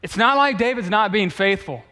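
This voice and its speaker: Youth pastor guy preaching, high bright voice, chatty asides, big hall echo. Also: normal speed. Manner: conversational, with relaxed asides and restarts. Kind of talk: sermon. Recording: long reverb of a large hall.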